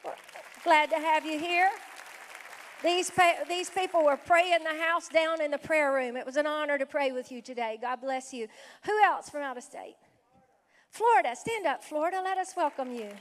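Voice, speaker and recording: A woman pastor with a high voice welcomes visitors from the pulpit at a normal speed, bursting with exuberance and praise exclamations. The recording, made in a reverberant church sanctuary, has a faint crowd and a little hiss or hum.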